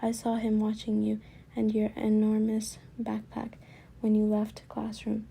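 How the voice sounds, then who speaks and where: A woman's voice: mid-range voice, completely flat delivery, unhurried, vocal fry, mellow, a little hiss or hum. A woman doing an odd boy in a fake British accent. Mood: mock-serious. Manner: playful, mock-detective.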